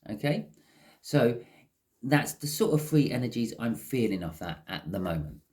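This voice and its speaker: A man giving a casual, chatty tarot reading, often checking in with "okay?". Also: normal speed. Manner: chatty, lively rises in pitch, frequent "okay?" check-ins. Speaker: tarot reader.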